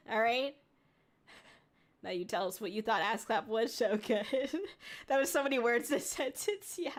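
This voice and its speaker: Giggly young woman streamer, fairly high voice. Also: fairly bright tone, clean tone. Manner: giggly, laughs often, rambling with fillers. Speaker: VTuber streamer. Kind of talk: casual livestream chat, reading chat aloud.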